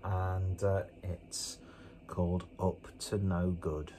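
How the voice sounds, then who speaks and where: A man with a fairly low voice talks through a beer review in a relaxed, rambling way. He breaks off now and then with joking, self-mocking asides. A faint hiss of background noise sits under his voice. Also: slow. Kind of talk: casual beer review vlog. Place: indoors at home with a fan running.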